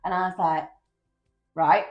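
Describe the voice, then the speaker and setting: A young woman in a casual chat as podcast co-host, teasing and lively. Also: fairly low pitch, fairly quick, lo-fi sound, faint music behind. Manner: lively, teasing, bursts into animated outbursts. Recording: echoey room.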